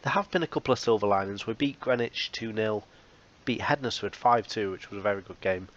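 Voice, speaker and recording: A low-voiced man narrates his football management game in casual commentary. His humor is wry and self-mocking. The recording sounds dull and lo-fi. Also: a bit bright. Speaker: let's play host.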